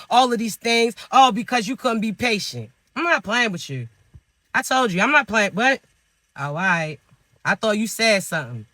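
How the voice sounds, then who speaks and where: A man's voice: extremely high pitch, sharp tone, dry recording. A man giving spiritual advice in a monologue, scolding the listener with teasing rhetorical questions. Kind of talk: motivational monologue to viewers.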